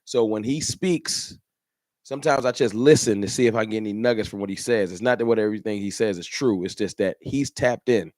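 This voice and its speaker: A man's voice: fairly low pitch, brisk, a little mellow, no echo, clean studio sound. A man hosting a fan channel livestream, ranting in an emphatic, repetitive, slangy way. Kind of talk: livestream rant.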